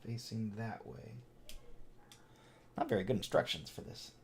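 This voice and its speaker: A man's voice: on the low side, animated, measured pace, vocal fry, darkish tone, slight background noise. A middle-aged man hosting a casual livestream from home, rambling in a chatty way, laughing often and muttering to himself as he builds. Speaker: host of a theme park channel livestream. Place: his home.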